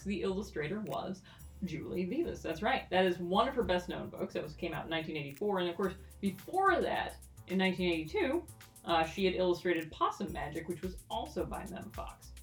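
A woman's voice: medium pitch, expressive, normal speed, recorded from a distance, faint music behind. A woman co-hosting a casual podcast, playful and jokey, laughing often. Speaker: podcast co-host. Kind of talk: casual chat. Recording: echoey room, a bit off-mic.

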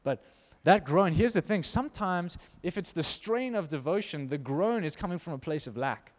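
A man with a high voice preaches to his congregation, swinging from hushed, intimate passages to loud, fervent ones. His voice rings out with a long reverb tail in a big church hall. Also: animated, moderate pace. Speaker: pastor. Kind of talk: sermon.

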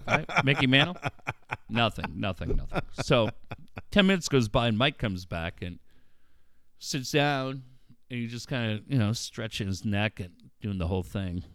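Man, middle-aged, lively swooping pitch, dry close sound, swearing storyteller. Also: moderate pace, no echo. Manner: profane, animated storyteller who acts out voices. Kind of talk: casual storytelling.

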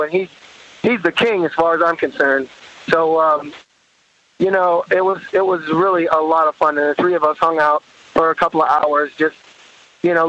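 A man, a horn arranger, telling stories in an interview, animated, laughing often and acting out what others said. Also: fairly high pitch, dull audio. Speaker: guest musician, horn arranger. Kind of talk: storytelling interview.

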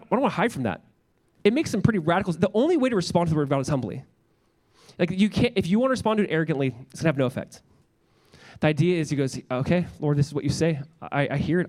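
A man's voice: a little high, darkish tone. A young adult man, a pastor, preaching a sermon in a church with an earnest, conversational manner, often restarting his phrases.

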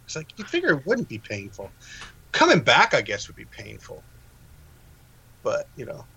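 Bright, husky-voiced man chatting. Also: medium pitch, huge pitch swings, moderate pace, rough recording. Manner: laughs often, acts out quotes. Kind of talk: casual film discussion.

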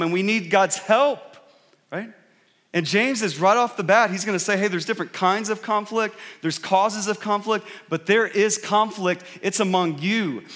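A pastor with a high, fairly bright voice gives a sermon in a church sanctuary, and the hall is reverberant. He tells stories in a conversational way and asks the congregation questions.

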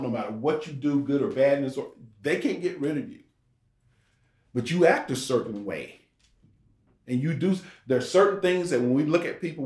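A man delivers a loose, conversational sermon, circling back on his words and posing questions to his listeners. His voice sits at an ordinary pitch. The room gives it a noticeable echo. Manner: conversational, rambling, with restarts and rhetorical questions. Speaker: preacher. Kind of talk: informal sermon. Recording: roomy echo.

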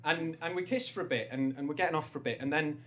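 A man's voice: a little high, fast, fairly bright tone. A young man from North East England telling a funny personal story on stage, rambling and self-deprecating, with many restarts.

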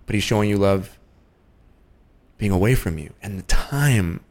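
Low-voiced man, reflective empathetic host, calm conversation. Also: measured pace. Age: adult father.

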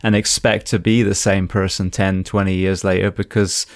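A man with a lowish voice hosts a podcast conversation, speaking in an earnest, measured way. His voice is dry and close, with almost no room sound around it. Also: little pitch movement, no echo. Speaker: podcast host. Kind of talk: casual interview conversation.

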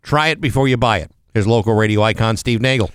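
A man's voice: lowish voice, fast talker, smooth, no echo. A man hosting a morning radio show, giving time checks and trading dry, sarcastic banter with his co-host. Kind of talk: casual radio banter with announcements. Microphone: studio microphone.

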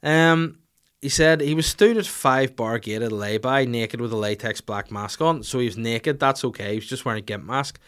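A man's voice: mid-range voice, normal speed, a bit bright, clear, resonant tone. Crude, rambling man. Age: 30s. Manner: crude, rambling comic banter. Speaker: podcast host. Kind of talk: casual chat.

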